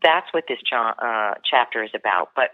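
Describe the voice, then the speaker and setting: A woman's voice: a bass voice, expressive, moderate pace, dry recording. Earnest woman guest on a tinny phone line. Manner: earnest, emotional, many restarts. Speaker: guest author and leadership coach. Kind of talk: podcast interview storytelling.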